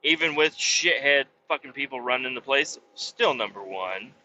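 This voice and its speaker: A man hosting a podcast, rambling in a profane, meandering way with many pauses and restarts, on a dull lo-fi recording. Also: mid-range voice, lively intonation, bright, forceful tone, a little hiss or hum. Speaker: podcast host and roadside tow operator. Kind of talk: casual rambling monologue.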